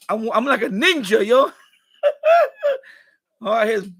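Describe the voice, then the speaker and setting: Brief: chatty live-stream host, high pitched with a raspy fry, gossipy and animated. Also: male voice, slow pace. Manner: animated, laughs often, gossipy. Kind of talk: casual storytelling.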